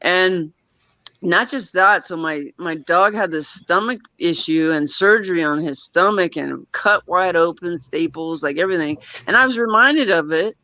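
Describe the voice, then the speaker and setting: Bright, tense-voiced man telling a rambling story. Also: high voice, moderate pace, dry recording. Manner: rambling, with frequent restarts and nervous laughs. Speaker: guest telling a personal story. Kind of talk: casual conversational storytelling. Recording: dull, lo-fi sound.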